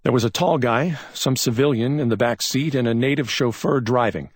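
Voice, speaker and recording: A man voicing a dutiful young male Marine sentry giving a brisk report in a crime audiobook. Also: medium pitch, no room sound, pitched above the performer's own voice, close to an everyday voice. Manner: brisk report, says "sir".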